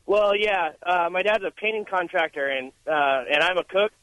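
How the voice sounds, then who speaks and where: A man's voice: high-pitched, normal speed, a bit bright, no echo, rough recording. A young man calling into a radio show, telling a story hesitantly with many ums. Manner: hesitant, lots of uh and um. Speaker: caller. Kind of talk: phone-in story.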